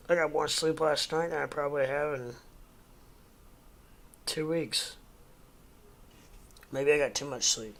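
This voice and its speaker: A man's voice: a little high, steady tone, a little slow, creaky, long pauses, a bit bright. A man in his forties from the Midwest, rambling casually at home as host of a livestream and answering chat. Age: 40s.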